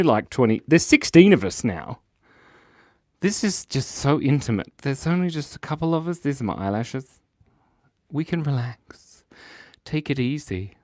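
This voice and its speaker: Playful, lively man hosting a drawing livestream. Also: medium pitch, no room sound, studio quality. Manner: playful, joking and self-mocking; laughs often while talking. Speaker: livestream host drawing for viewers. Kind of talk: casual live chat reading viewer comments.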